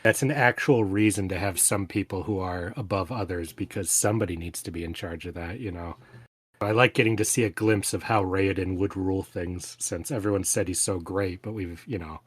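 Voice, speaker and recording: A man co-hosting a casual book discussion podcast, relaxed, with frequent "you know" fillers. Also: deep voice, brisk, husky, dry recording. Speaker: podcast co-host.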